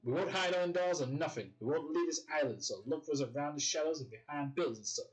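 A man's voice: a little high, fast talker, soft background music, pitched above the performer's own voice, close to an everyday voice, rough recording. A Yorkshire man reading out the lines of a cocky, threatening boy gang leader from a video game, crude and full of swearing. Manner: crude, swearing, mock-menacing.

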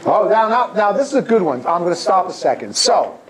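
A man's voice: high-pitched, brisk. A middle-aged man, a music education professor, leading an interactive workshop and breaking into sung demonstrations in a workshop room, picked up from a distance. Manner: animated, demonstrates by singing and chanting. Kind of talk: interactive workshop talk with singing.

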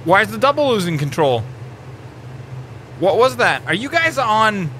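An excitable man talks through his gameplay like an eager host, chatty and quick to squeal. His voice sits a bit high with a bright edge, and it swings widely in pitch. A faint hum of background noise runs under it. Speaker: gaming channel host. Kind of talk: let's play commentary.

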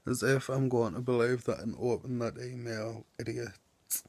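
A man's voice: medium pitch, steady tone, normal speed, darkish tone, dry recording. A young man vlogging on a town street into a phone, chatty and self-mocking. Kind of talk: casual vlog chat.

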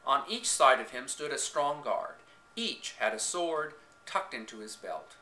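A man's voice: medium pitch, animated, unhurried, pushed and bright. A man reading a story aloud in the first person with dramatic expression, recorded on a home camcorder in an echoey room. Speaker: reader.

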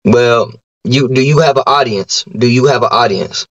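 ビデオ通話で自慢話をするアメリカ人男性. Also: male voice, medium pitch, moderate pace, fairly bright tone, lo-fi sound. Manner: boastful, rhyming brags, stammering restarts. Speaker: YouTuber challenging a streamer. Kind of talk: trash-talking video call.

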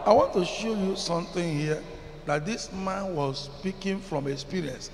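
A man's voice: high voice, moderate pace, noisy background. A man with a Nigerian English accent preaching a sermon as pastor, emphatic and chanting some phrases, asking the congregation questions. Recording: long reverb in a large hall, faint ambience.

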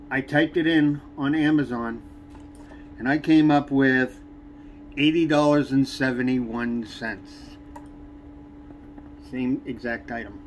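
A man hosting a fishing channel, reviewing a subscription box with irritation and frequent pauses. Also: mid-range voice, slight background noise. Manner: irritated, complaining, many "um" pauses. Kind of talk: unboxing review vlog.

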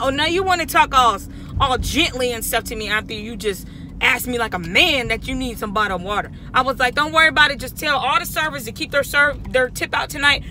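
A woman's voice: on the high side, noisy background. A young woman telling a story to her viewers in a casual vlog. She talks with lots of energy and keeps asking "okay?". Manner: animated, repeats "okay?" constantly. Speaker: vlogger.

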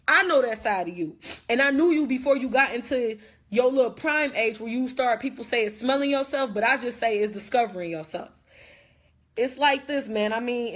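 Young woman, high husky voice, emphatic and repetitive live-stream rant, hurt but defiant. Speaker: livestreamer. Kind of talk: impassioned casual live video rant. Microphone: phone on a live stream.

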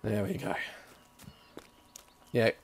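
A young man giving jokey gameplay commentary; excitable, with frequent swearing. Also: lowish voice, takes it slowly, creaky, slightly rough. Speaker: gaming YouTuber.

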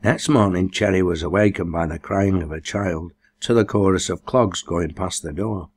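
A man with a low voice reads a novel aloud for an audiobook at a normal pace. The narration is scripted, and he raises his voice for the dialect dialogue.

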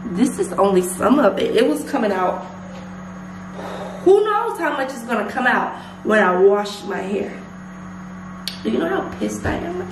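A young woman vlogging to camera at home, venting frankly with heavy swearing. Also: fairly high pitch. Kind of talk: casual vlog rant to camera. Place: indoors at home. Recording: echoey room with clear background noise.

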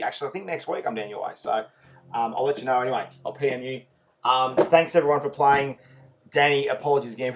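A man hosting a live raffle draw, chatty and laid-back, reading out names and often apologising to players. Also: fairly high pitch. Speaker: raffle host. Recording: noisy home recording.

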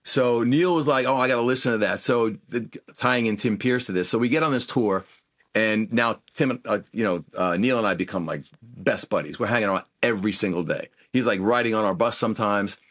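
A man's voice: fairly low pitch, a little fast. A middle-aged man telling road stories in a casual interview, acting out the dialogue in each story. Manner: animated anecdotes, acts out quoted dialogue. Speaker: guest musician.

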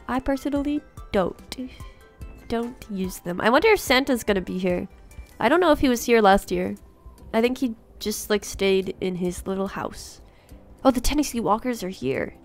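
A woman giving excited first-reaction commentary on a game update, gasping, giggling and repeating herself. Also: mid-range voice. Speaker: gaming YouTuber. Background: faint background music.

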